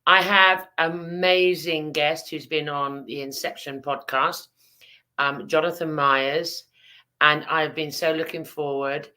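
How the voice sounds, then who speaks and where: A woman's voice: low voice, fairly even intonation, a little slow, hardly any pauses, pushed and bright. A woman hosting a chat show in a casual, chatty way, her throat sore from hay fever.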